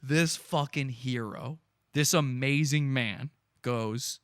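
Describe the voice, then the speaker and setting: A man with a bright, forceful voice that sits a little high for a man hosts a podcast. He gives gleeful, mocking play-by-play of stream footage and often laughs. The sound is dry and close. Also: animated, moderate pace, dry recording. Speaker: podcast host. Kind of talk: live commentary on stream footage.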